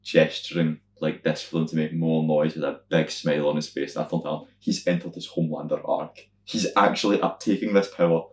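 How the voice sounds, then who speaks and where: This young Scottish podcast co-host talks fairly quickly with hardly any pauses, in a reverberant recording with slight background noise. Telling stories in casual chat, he animatedly acts out other people's lines in loud, high voices and swears freely.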